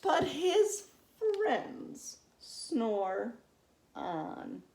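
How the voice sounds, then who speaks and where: A woman teacher reading a picture book aloud to young children, expressive and asking them questions along the way. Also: a little high, extremely slow, slight background noise. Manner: lively, expressive, asks listeners questions.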